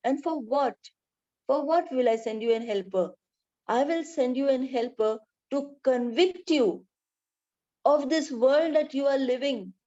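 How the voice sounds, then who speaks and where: A woman's voice: high-pitched, unhurried, mellow, lo-fi sound. A woman from India preaching a sermon, earnest, often repeating her phrases and quoting scripture.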